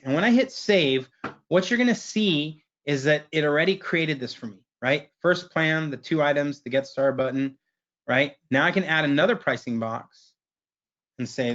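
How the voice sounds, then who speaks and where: A man's voice: a little high, lively intonation, normal speed, fairly bright tone. Guy running a webinar demo, chatty, says right a lot, kinda dull lo-fi audio. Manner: casual, keeps asking "right?". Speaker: webinar presenter. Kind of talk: screen-share software demo.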